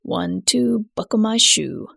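A smug, eccentric old rain-maker, read by a woman in a storybook tale. He talks gruffly and scolds, pitched a touch below her own voice, and the sound is heavily gravelly with a dry, close, roomless quality. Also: slow, a bit bright, dry recording, exaggerated voice. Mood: sly. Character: eccentric proud older man who summons floods.

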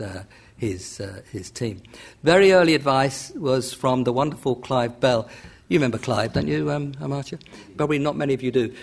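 Gravelly older man lecturing with hesitant fillers. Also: medium pitch. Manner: rambling, hesitant, with many fillers and self-corrections. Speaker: economics lecturer. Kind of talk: academic lecture with slides.

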